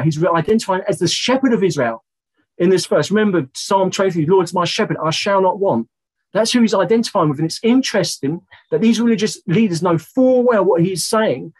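Husky high-voiced male Bible teacher. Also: rough recording. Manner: conversational, many "you know" fillers, slows down to read scripture aloud.

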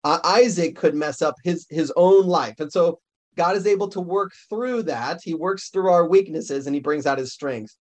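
Man, pastor, sermon with scripture reading, conversational, self-correcting, slightly high pitch. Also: moderate pace.

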